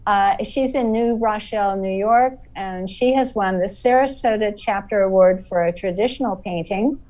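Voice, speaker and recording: A woman hosting an online art awards presentation, announcing each winner in a measured way and checking how names are said. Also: mid-range voice, warm tone, recorded from a distance, poor audio. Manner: measured, checks name pronunciations. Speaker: host.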